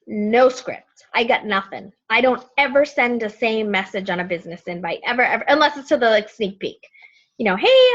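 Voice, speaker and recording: A woman coaching her team in a casual training talk, chatty and animated, acting out friendly messages in a bright voice. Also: fairly high pitch. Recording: dull lo-fi sound.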